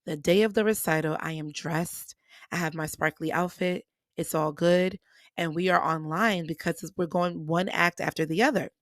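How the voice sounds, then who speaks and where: A young adult woman hosting a podcast and telling personal stories in a lively way, acting out what people said to her. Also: on the low side, moderate pace, no echo. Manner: animated, acts out quoted dialogue. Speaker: podcast host. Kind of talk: personal storytelling monologue.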